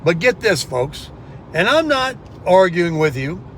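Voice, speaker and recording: A man's voice: high voice, sing-song, measured pace, fairly bright tone, a little hiss or hum. A man chatting rambly to viewers, calling them folks, recorded outdoors on a phone. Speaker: vlogger. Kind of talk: casual vlog chat. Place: outdoors in a sunny town.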